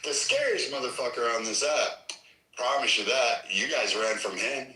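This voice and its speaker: Profane, ranting man, bright and distant. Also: mid-range voice, animated, moderate pace, reverberant. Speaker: host. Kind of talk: heated political argument on a live audio app.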